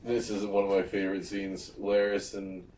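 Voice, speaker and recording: Man with a dark mellow voice. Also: low voice, flat delivery, normal speed, echoey room, recorded from a distance, low-quality recording. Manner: loose retelling with filler, swearing. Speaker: podcast co-host. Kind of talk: casual chat recapping a TV episode.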